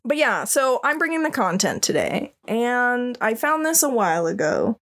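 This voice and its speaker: A woman's voice: on the high side, sing-song, normal speed, a bit bright. A woman co-hosting a comedy podcast, a little drunk, laughing often and chatting casually. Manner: giggly, tipsy, laughs often. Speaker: podcast co-host.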